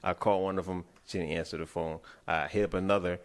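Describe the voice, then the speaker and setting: A man's voice: low-pitched, fairly even intonation, fast talker. A man co-hosting a comedy podcast, telling a rambling story in casual chat, full of restarts. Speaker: podcast co-host.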